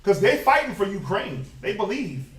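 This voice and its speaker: A man's voice: high-pitched, very animated, moderate pace. A man leading a Sabbath study, preaching informally with fiery rhetorical questions and chuckling asides, then reading scripture aloud. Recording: echoey room, distant mic, noisy.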